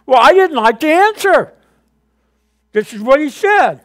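A male pastor preaching a sermon, telling his story and acting out conversations, with quick questions to the congregation. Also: extremely high pitch. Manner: animated storytelling, acting out his own past dialogue with God.

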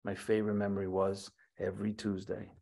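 A man's voice: fairly low pitch, fairly quick. A middle-aged man, a chef and restaurateur, telling stories in a casual interview and acting out the dialogue as he goes. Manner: animated, acts out quoted dialogue, swears casually.

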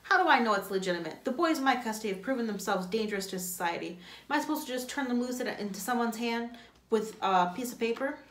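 A woman's voice: a little high, lively intonation, quick pace, a bit bright. A woman voicing a stern, scheming female camp warden who defends herself insistently. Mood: defensive. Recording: echoey room.

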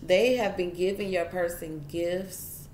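A woman's voice: lowish voice, slow pace, a little mellow, reverberant, a little hiss or hum. A woman giving a casual tarot reading straight to her viewers, chatty and repeating herself as she goes. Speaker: tarot reader.

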